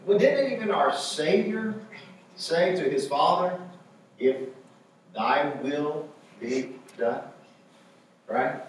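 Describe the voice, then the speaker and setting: Emphatic preacher in an echoey church. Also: male voice, on the high side, animated, slow pace, long pauses, distant mic, a little hiss or hum. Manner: emphatic, repeats key phrases. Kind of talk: sermon.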